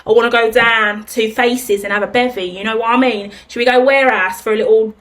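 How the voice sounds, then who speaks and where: A woman's voice: fairly high pitch, steady tone, a little fast, a bit bright, lightly acted. A woman putting on a burly, blunt Cockney man with a Cockney accent who talks in swearing, blokey slang. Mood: jovial.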